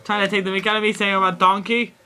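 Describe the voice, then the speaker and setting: A woman's voice: medium pitch, little pitch movement, fast, sharp tone, faint music behind. A woman giving casual gameplay commentary, giggling often, exclaiming and repeating words.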